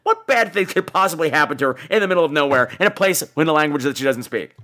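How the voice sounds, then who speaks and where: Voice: mid-range voice, lively intonation, quick pace, a bit bright. A podcast host giving a casual movie review in a sarcastic, exasperated rant.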